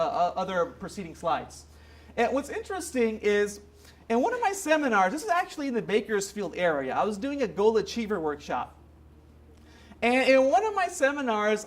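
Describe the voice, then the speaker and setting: A man giving a motivational seminar talk, telling stories in an animated way. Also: sits high. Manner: animated storytelling with acted quotes. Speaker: motivational speaker.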